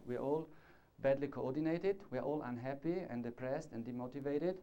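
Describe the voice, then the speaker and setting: Dark-voiced man lecturing at a conference. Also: medium pitch, fairly quick, hardly any pauses. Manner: discursive, demonstrating with gestures and asking the audience. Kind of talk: live conference talk. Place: lecture hall before an audience. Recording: dull lo-fi 1990s conference tape.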